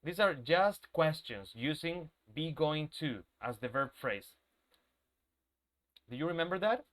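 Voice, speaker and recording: A man's voice: on the high side, lively intonation, unhurried, a bit bright. A male English teacher with a sore throat, leading a live online class and patiently checking in with students. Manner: patient, checks in with students, repeats key points.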